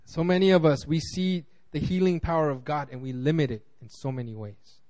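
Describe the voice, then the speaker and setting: High-voiced man preaching casually. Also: fairly quick. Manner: animated, acts out quotes, frequent restarts. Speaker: pastor. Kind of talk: casual conversational sermon.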